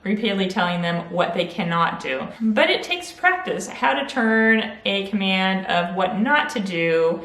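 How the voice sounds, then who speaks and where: A woman teacher explains calmly and clearly to parents, her voice sitting at an ordinary middle pitch. She speaks gently and patiently, now and then with a soft laugh. The sound carries a noticeable room echo. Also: a little slow, few pauses. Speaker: Montessori teacher. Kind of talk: friendly instructional talk to parents.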